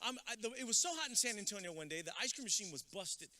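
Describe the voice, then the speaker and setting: Male motivational speaker, bright, piercing tone, energetic comic storyteller. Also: high-pitched, racing. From Texas. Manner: energetic storytelling, mixes in Spanish words. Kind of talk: comedic commencement speech. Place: outdoor graduation ceremony with stands.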